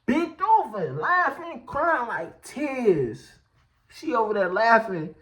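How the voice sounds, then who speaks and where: A man telling a story in a vlog, laughing through it and full of slang. His pitch leaps all over the place while his pace stays slow and drawn out. The telling is loose and animated. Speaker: vlogger.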